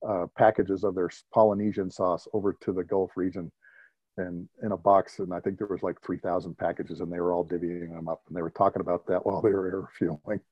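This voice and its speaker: A man in his fifties, a retired military pilot, telling lively anecdotes as an interview guest and chuckling at his own stories. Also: low voice, fast talker, husky, dry recording, dull audio. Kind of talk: conversational interview storytelling.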